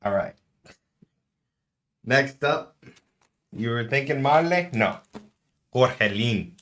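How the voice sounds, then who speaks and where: A man's voice: mid-range voice, animated, takes it slowly, a bit bright, slight background noise. A man streaming casually at home, chatting through a food tasting and dropping in Spanish words.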